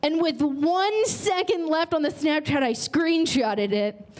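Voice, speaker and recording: A woman's voice: high-pitched, slow pace. A woman from North Carolina hosting a stand-up comedy show, delivering brash, bawdy punchlines on a stage mic. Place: comedy stage with live audience.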